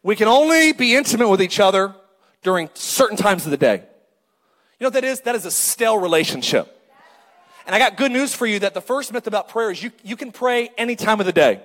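A middle-aged male pastor preaching a lively, joking sermon and calling out to the congregation. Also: sits high, a little fast, big-room sound. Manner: animated, joking, calls for crowd response.

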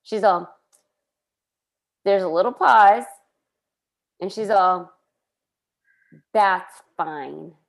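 A woman's voice: mid-range voice, slow, long pauses. A woman co-hosting a podcast in casual chat, telling a story unhurriedly and acting out the quotes. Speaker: podcast co-host. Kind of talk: casual chat recapping a sitcom.

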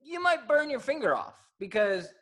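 A man's voice: very high-pitched, sing-song, moderate pace, pushed and bright. A man hosting a casual sports podcast, easygoing and joking. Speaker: podcast host.

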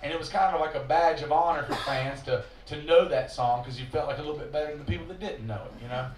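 Guy swearing his way thru a story onstage, kinda high voice, far off in a big echoey room, crowd noise around. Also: quick pace. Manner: profane, self-mocking, animated storyteller. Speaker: singer-songwriter telling stories on stage. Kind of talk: live stage storytelling. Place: live venue with audience. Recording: roomy live recording from a distance. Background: audience ambience.

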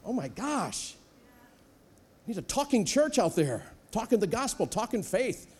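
A man preaching a sermon as a guest speaker in a church, animated and humorous, acting out little voices as he goes. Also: sits high, a little slow, breathy edge. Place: church sanctuary.

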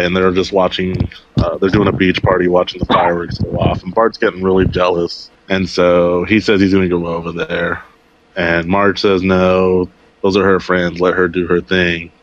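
A man's voice: low-pitched, slight background noise. A man casually retelling a TV episode on a podcast, rambling along and quoting characters' lines. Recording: dull lo-fi recording.

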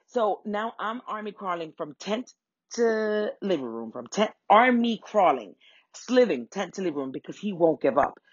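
A young adult woman telling a funny personal story in a casual, animated way, swearing freely and acting out the voices of people in it. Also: medium pitch, moderate pace, slightly rough, dry recording, highs cut off. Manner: animated, profane, acts out quoted voices.

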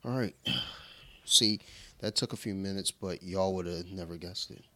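A low-pitched man with a bright, forward tone, chatting loosely on a podcast over beers. He swears often and drifts into his young daughter's lines when he tells stories. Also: measured pace. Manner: laid-back, swears freely, quotes his daughter in voices. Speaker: podcast co-host. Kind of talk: casual chat over beer.

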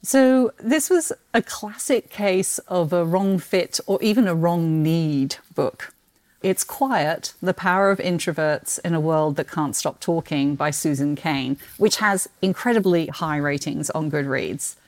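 Appearing as a podcast guest, this books marketing executive from Britain speaks with a British accent touched by an Australian twang. Her low, slightly mellow voice moves at a measured pace while she chats eagerly about books and laughs a lot.

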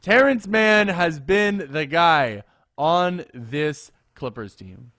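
A man co-hosting a casual sports podcast, animated and quick to laugh, often repeating himself. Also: on the high side, no room sound. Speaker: podcast co-host.

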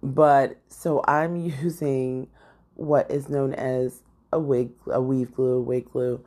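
A young woman podcast host telling a casual story in an animated, exasperated way, full of fillers. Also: very deep voice, slow.

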